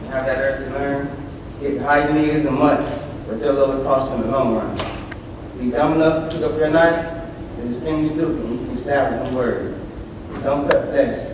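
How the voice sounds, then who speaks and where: A man's voice: medium pitch, steady tone, moderate pace. Give me a teen boy earnestly reciting a poem with long hall reverb. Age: teens. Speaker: student slam poet. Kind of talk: spoken word poetry performance. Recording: echoey hall from far off with noise.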